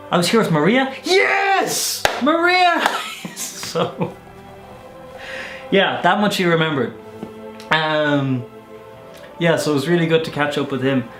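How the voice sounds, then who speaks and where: A man's voice: medium pitch, echoey room. Chatty Irish man telling stories. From Ireland. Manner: chatty, animated storyteller with self-corrections. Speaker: volunteer vlogger. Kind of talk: casual storytelling vlog.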